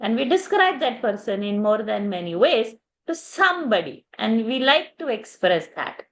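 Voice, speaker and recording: A woman teaching a verse class, explaining slowly, repeating words and asking "huh?" as she goes. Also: on the high side, big pitch swings.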